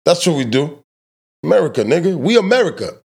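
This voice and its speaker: Podcast host, man, loud and profane, swoops all over his pitch, casual banter. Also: sing-song, fairly quick, creaky, husky. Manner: loud, joking, swears freely, teases his guest. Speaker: truck driver.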